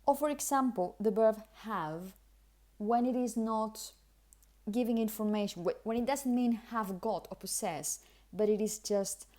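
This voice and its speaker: Mellow-voiced woman teaching pronunciation. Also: fairly high pitch. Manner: models example sentences slowly, then repeats them relaxed and weak; explanatory, demonstrates pronunciation. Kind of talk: pronunciation lesson.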